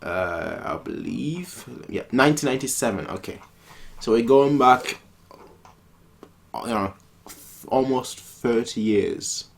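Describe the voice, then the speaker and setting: A man's voice: mid-range voice, lively intonation, takes it slowly, gravelly, long pauses. A man hosting a reaction video, giving casual commentary and thinking aloud with hesitant restarts.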